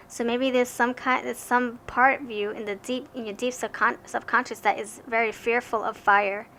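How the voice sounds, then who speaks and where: A woman's voice: mid-range voice, bright, forceful tone, a little hiss or hum. A young woman giving a casual tarot card reading, chatty and rambling, who often stammers and restarts her sentences.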